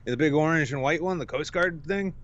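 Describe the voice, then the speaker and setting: A man's voice: on the high side, fairly quick, fairly bright tone, muffled recording, voice pushed up, natural voice. A man putting on a cocky bro sailor. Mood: bragging. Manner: laid-back, boastful bro talk. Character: cocky friendly young male Coast Guard sailor.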